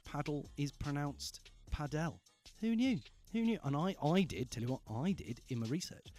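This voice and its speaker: A man's voice: a little high, sing-song, moderate pace, mellow, faint music behind. A man hosting a live evening radio call-in show, upbeat and playful, repeating phrases for emphasis, speaking into a studio microphone. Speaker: radio host.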